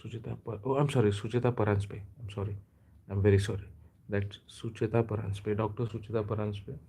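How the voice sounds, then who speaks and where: A man from India hosting a casual live stream, chatting in a rambling way and often pausing to hesitate and correct himself. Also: fairly low pitch, little pitch movement, creaky, warm tone, slightly rough. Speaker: livestream host.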